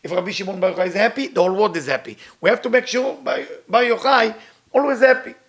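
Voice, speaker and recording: Fast-talking man teaching. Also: sits high, fairly bright tone. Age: middle-aged. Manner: reads Hebrew text quickly, then retells it in English. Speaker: Kabbalah teacher. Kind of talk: storytelling lesson with translation.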